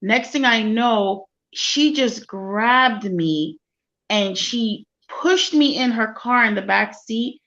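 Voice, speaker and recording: A woman guest recounting a personal story in an interview, speaking quietly and softly. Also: a little high, slow pace, highs cut off. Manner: soft-spoken, quiet storytelling.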